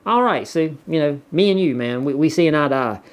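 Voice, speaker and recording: A man's voice: on the high side, expressive, fairly quick. A man with a Southern US accent chatting casually as a vlogger, rambling and repeating words as he reads viewer comments. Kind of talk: casual chat.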